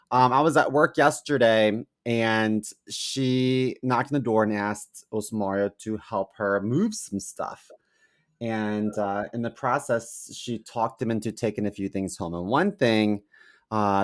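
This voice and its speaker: A man co-hosting a podcast, telling a story in an animated, exasperated way and acting out quotes. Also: on the low side. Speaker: podcast co-host. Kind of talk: casual storytelling chat.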